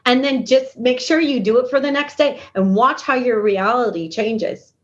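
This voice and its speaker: A woman's voice: on the high side, normal speed. A woman speaking as an interview guest and intuitive healer, giving earnest, coaching advice and acting out her inner dialogue. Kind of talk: conversational interview. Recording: dull lo-fi remote audio.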